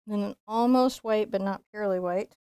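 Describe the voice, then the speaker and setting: A woman teaching a live-streamed painting lesson, chatty and playful, going quiet while she concentrates. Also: mid-range voice, moderate pace, clear, resonant tone, no echo, studio quality. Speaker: painting instructor.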